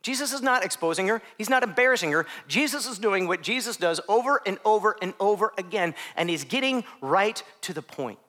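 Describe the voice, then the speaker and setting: A man preaching a sermon in a conversational way, with self-deprecating asides, often dropping to soft hushed phrases. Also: high voice, animated, brisk, hardly any pauses. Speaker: pastor.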